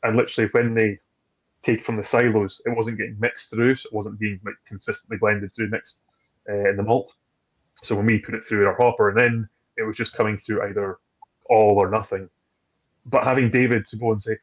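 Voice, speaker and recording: A man chatting casually as a distillery guest, telling rambling, animated stories and acting out what others said. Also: on the low side, a little fast, lo-fi sound. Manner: rambling, animated storytelling with acted-out quotes. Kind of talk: casual chat.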